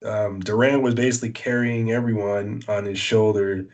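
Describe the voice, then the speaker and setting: A Canadian man co-hosting a casual sports podcast, his voice sitting fairly low. He argues his opinions bluntly, stopping often on "uh" and "um" as he goes. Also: fairly even intonation, normal speed, darkish tone. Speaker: podcast co-host.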